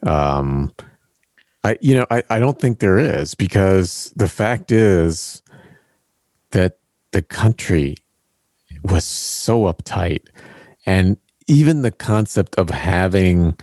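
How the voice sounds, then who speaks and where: A man's voice: low voice, lively intonation, slow, long pauses, darkish tone, no room sound, clean studio sound. A man co-hosting a podcast in casual chat, wry and hesitant, with lots of "you know" and "like". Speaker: podcast co-host.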